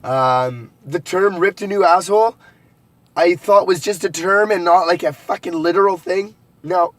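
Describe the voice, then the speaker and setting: Gravelly, profane, rambling young man. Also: high-pitched, lively intonation, normal speed, fairly bright tone, dry recording. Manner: rambling, profane, darkly joking. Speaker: vlogger. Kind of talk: casual confessional monologue. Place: rural home at night, partly outdoors.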